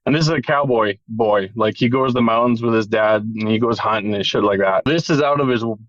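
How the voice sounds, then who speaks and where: A man's voice: fairly low pitch, a little fast, dry recording, lo-fi sound. A man telling an emotional personal story in a candid, casual way, with the odd swear word. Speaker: podcast guest.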